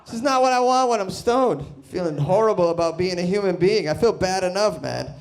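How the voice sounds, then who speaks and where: A man doing a stand-up comedy set, brash and profane, bursting into loud shouts. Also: high voice, expressive, brisk, vocal fry. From Boston. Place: comedy club stage.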